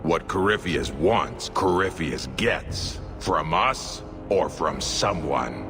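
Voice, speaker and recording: An actor playing a menacing male criminal boss in a video game, speaking with a cold, mocking calm. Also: rumbling low, takes it slowly, heavily acted. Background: game music.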